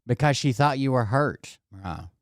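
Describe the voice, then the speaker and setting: A man's voice: medium pitch, normal speed, dry recording, studio quality. Profane man telling a story casually. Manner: animated and heavily profane, with laughter. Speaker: vlogger telling a home story.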